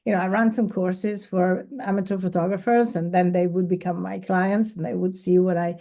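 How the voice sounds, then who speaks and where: Her voice is lowish, level, and warm, moving at a normal speed as the photographer chats enthusiastically through her presentation and audience questions. Laughter comes readily in the event space.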